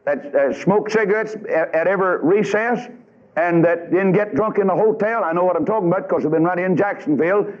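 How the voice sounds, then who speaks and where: A man's voice: high-pitched, brisk. A man preaching a revival sermon in a church, fiery, folksy and emphatic. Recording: lo-fi old tape recording.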